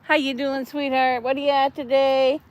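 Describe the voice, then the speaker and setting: A woman's voice: sits high, flat delivery, normal speed, highs cut off. A middle-aged woman chatting on a casual livestream, answering chat in a chatty, mothering and blunt way, with some cursing. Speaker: livestream host reading chat.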